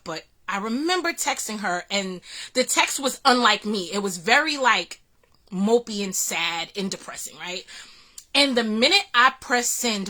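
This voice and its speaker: Bright-voiced woman telling a personal story. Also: a little high. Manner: earnest, faith-filled retelling with frequent restarts and fillers. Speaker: vlogger.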